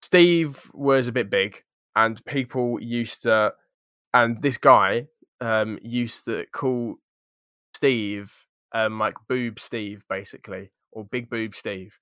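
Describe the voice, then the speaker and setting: A young man co-hosting a podcast, telling a story in a lively, jokey, slangy way. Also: mid-range voice, takes it slowly, clear, resonant tone, dry recording, clean studio sound. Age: young adult. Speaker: podcast co-host. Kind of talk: casual storytelling chat.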